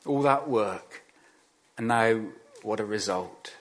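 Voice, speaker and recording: A man preaching a sermon, acting out quoted voices and dropping to quiet emphasis on key lines. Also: fairly low pitch, slow.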